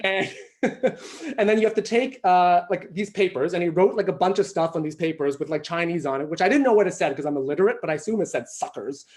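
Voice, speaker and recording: A male comedian tells a long story over a video call from home. He talks in an animated, self-mocking way and swears freely. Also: high voice, quick pace. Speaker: stand-up comedian. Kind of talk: stand-up storytelling.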